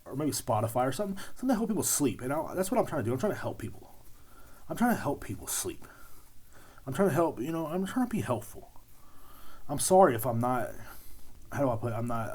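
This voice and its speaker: A man's voice: medium pitch, darkish tone. A young man hosting a podcast, rambling through a crude comedic monologue full of fillers, repeats and slang. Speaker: podcast host.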